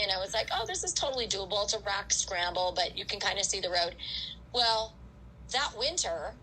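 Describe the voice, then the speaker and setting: A middle-aged woman as a podcast guest, telling a story in a casual, animated way, full of "like" and acted-out quotes. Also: fairly low pitch, slight background noise, poor audio. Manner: animated storyteller, acts out quoted voices, frequent "like". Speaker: guest ultrarunner.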